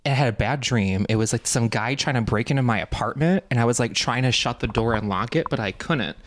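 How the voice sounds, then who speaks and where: A woman's voice: a bass voice, a little fast. A woman co-hosting a podcast in a studio, telling stories casually and swearing freely. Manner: animated storyteller, swears freely. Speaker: podcast co-host.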